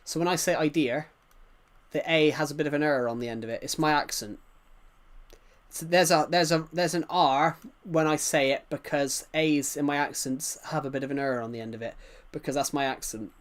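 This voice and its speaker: A man's voice: a little high, fairly even intonation, a little fast. A man with an English-Welsh border accent, chatting casually on a livestream, rambling and answering viewers' comments.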